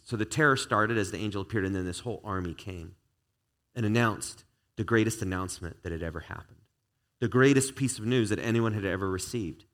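A man preaching a conversational sermon to a live congregation, relaxed and chatty with frequent restarts. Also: lowish voice, normal speed. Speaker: pastor. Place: church service before a live congregation.

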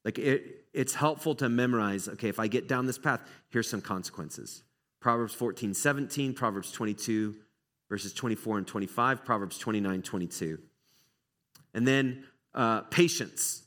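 A man's voice: fairly low pitch, normal speed, a bit bright. A man, a pastor, giving a sermon in a conversational way with frequent fillers and restarts.

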